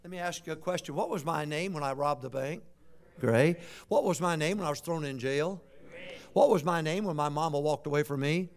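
An older man from Michigan preaching a revival sermon, swinging from shouts to quiet folksy storytelling with humorous asides. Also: on the high side, a little fast. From Michigan, USA. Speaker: visiting preacher.

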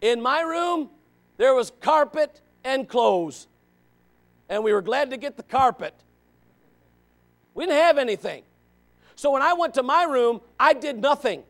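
A man in his forties preaching a sermon in church, animated and questioning, swinging from loud to quiet. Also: extremely high pitch, measured pace, long pauses. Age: 40s.

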